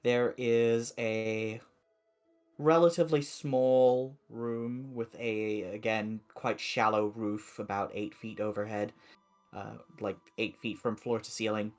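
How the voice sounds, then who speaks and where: A man narrating as game master of a tabletop game, describing the scene slowly with many pauses and fillers. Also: lowish voice, steady tone, soft background music.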